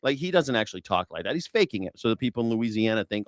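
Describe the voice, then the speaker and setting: A man's voice: fairly low pitch, big pitch swings, fast, background noise. A man hosting a news reaction show, talking in a profane, sarcastic, rambling way. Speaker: host.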